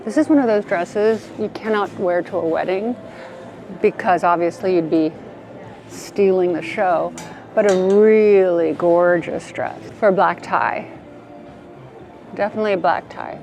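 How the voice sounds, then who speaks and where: A woman's voice: lowish voice, unhurried, creaky, background noise. A woman vlogger chatting casually and gushing about clothes while out shopping. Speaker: fashion vlogger. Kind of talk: casual vlog chat. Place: shops and streets in a city.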